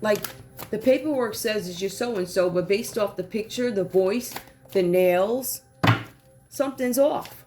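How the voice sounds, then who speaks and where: A woman reads tarot in a loose, conversational way, full of slang and quick asides. She keeps slipping into the voices of the people in the cards. Soft music plays quietly beneath her. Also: mid-range voice. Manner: animated, slangy, acts out quoted voices. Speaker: tarot reader. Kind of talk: casual tarot reading monologue.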